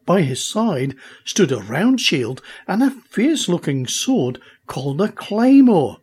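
A man reading a children's story aloud, expressive and unhurried. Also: sits high, husky. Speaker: audiobook reader. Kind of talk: storybook narration.

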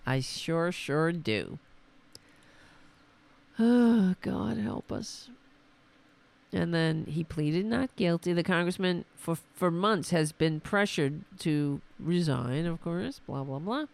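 A woman's voice: fairly low pitch, animated, slow, creaky. A woman hosting a political commentary stream, losing her voice, talking back to clips in a mocking, exasperated way. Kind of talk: sarcastic livestream commentary.

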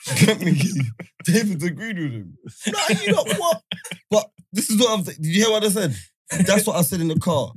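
A man, telling a story in casual podcast chat, animated and full of laughter and slang. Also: high-pitched, fairly quick, slightly rough, dry recording, clean studio sound. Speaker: podcast host.

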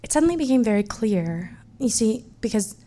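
A woman telling a first-person personal story in a wry, self-mocking way, swinging from loud to hushed. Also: a little high, sing-song, fairly quick.

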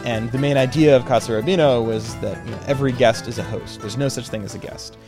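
A man's voice: medium pitch, quick pace, music in the background. A man telling a personal travel story in a casual, chatty way, with lots of ums and you-knows. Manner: casual and chatty, with many fillers.

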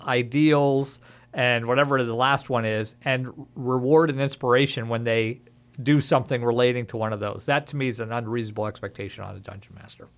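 A man hosting a casual gaming podcast who speaks as a dungeon master and gives his opinions bluntly. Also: mid-range voice.

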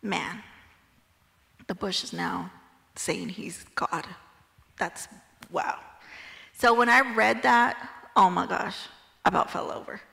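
A chatty, animated woman retelling a Bible story in a casual teaching style. Her voice is bright with a gravelly edge, and it sounds echoey, like a room with a long reverb. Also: mid-range voice, slow pace, long pauses. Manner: chatty, animated, lots of "like" and "right?". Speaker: Bible study leader.

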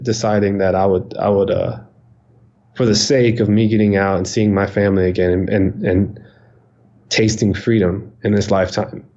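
A man in his forties recounting his own story in an interview, halting and repeating words, often pausing. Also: fairly low pitch, darkish tone, muffled recording. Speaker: interview guest. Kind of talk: emotional personal account.

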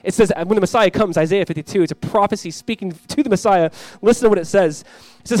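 A man's voice: sits high, big pitch swings, fairly quick, a little mellow, no room sound. A man preaching a sermon as pastor, talking in a conversational way that swells into fervent emphasis.

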